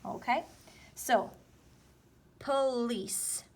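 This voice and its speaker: A woman teacher slowly and patiently walking students through a spelling worksheet, step by step. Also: on the high side, darkish tone. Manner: slow, patient, explaining step by step. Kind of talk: spelling lesson walkthrough.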